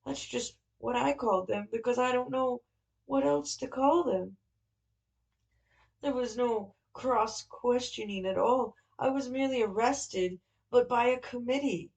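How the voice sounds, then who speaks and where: A woman's voice: on the high side, a little slow, vocal fry, a little mellow, pitched above the performer's own voice, poor audio. A woman reading a novel aloud, voicing an earnest, flustered young man who explains things at length.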